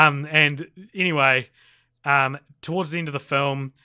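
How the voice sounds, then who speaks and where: A man's voice: a little high, fairly even intonation, unhurried, sharp tone, clean tone. A man co-hosting a podcast, recapping a horror film in rambling casual chat with fillers and restarts. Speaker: podcast co-host.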